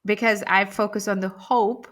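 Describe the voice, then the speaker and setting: A woman's voice: medium pitch, fairly even intonation, moderate pace, fairly bright tone. A woman hosting a casual discussion, playful and jokey with many fillers, speaking English as a second language. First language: not English. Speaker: channel host. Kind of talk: casual video-call discussion.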